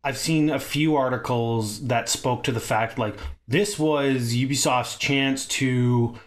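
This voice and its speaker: A podcast co-host chats casually on a gaming show, animated, swearing freely and laughing a lot. His voice is mid-range and slow.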